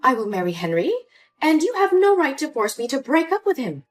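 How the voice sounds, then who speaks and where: A woman's voice: sits high, sing-song, a little fast, faint music behind, voice pushed up. Woman voicing a scheming older mother. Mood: cold. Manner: sweet at first, then cold and dismissive. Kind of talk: scripted story voice acting.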